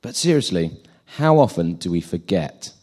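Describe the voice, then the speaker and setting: A man's voice: low-pitched, very animated, normal speed, darkish tone. A man giving an informal sermon, chatty and self-deprecating, acting out the scenes he retells.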